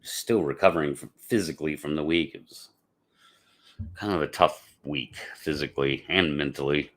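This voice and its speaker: A man's voice: extremely low pitch, moderate pace, fairly bright tone. A man hosting a casual live podcast, chatting with viewers in a rambling, laid-back way with lots of fillers. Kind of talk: casual livestream chat.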